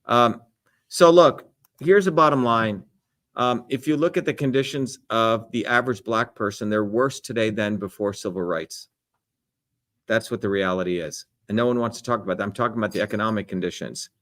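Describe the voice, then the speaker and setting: A man's voice: fairly low pitch, normal speed, fairly bright tone. A middle-aged man answering debate questions on a live stream, emphatic and lecturing in tone. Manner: emphatic, lecturing, repeats "the reality is".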